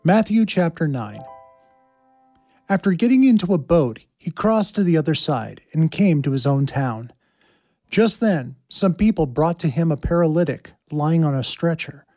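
Mellow man reading scripture. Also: fairly high pitch, moderate pace, no echo, studio quality, faint music behind. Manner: steady, plain reading. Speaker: scripture reader.

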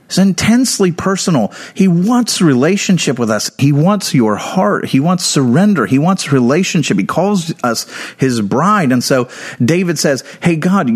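A male pastor delivering a sermon, his pitch rising and falling widely as he presses each point. He talks earnestly, repeats phrases to build intensity, and slows right down on the words he wants to land. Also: sing-song, husky.

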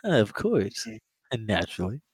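A man's voice: on the low side, very animated, unhurried, very noisy. A man reviewing an old monster movie in casual chat, rambling, swearing often and laughing at the story as he retells it. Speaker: podcast co-host.

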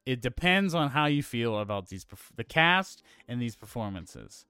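A man co-hosting a casual movie review chat, ranting in an animated, profane, exasperated way. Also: mid-range voice, moderate pace, smooth, dry recording, studio quality. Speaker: podcast co-host.

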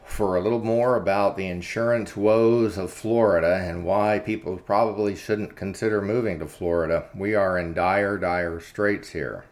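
In a deep voice with fairly even intonation, moderate pace and few pauses, a commentary channel host narrates a story in a casual, unscripted monologue. He leans on filler words and retells dialogue with "I said."

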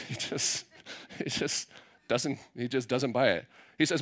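A man preaching a sermon at an ordinary, mid-range pitch. He talks in a relaxed, conversational way, reading passages and then retelling them in casual, playful paraphrase. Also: normal speed. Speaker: pastor.

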